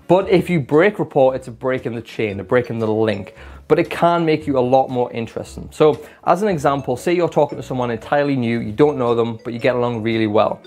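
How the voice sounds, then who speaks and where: A man's voice: mid-range voice, darkish tone. A man giving casual advice to camera as a self-improvement vlogger, chatty and self-deprecating, and he demonstrates different voices and tones as he explains.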